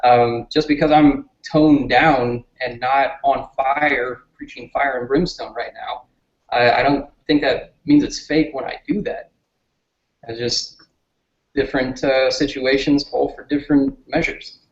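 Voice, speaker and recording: A man's voice: mid-range voice, fairly even intonation, a little slow, muffled recording. Earnest Southern-accented man, roomy sound. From southern United States. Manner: earnest, toned-down delivery. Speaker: guest, political candidate. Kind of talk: casual interview talk.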